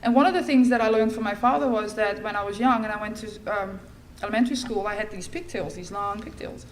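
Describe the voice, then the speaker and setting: A middle-aged woman speaks at a recovery meeting, telling her own story in a candid, wry way. Her voice sits at an everyday middle pitch. A faint hiss of noise runs under the recording. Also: fast. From Netherlands. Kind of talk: personal recovery testimony.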